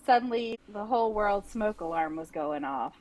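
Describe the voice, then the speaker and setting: A woman's voice: mid-range voice, expressive, moderate pace, a little mellow, a little hiss or hum, poor audio. A middle-aged woman co-hosting a podcast, chatty and casual, with many "like"s and "you know"s. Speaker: podcast co-host.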